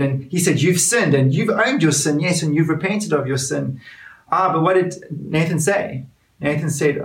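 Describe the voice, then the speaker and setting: A man preaching a sermon, with rising emphasis that drops to hushed, intimate moments. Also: high-pitched. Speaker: pastor. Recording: roomy sound from a distance.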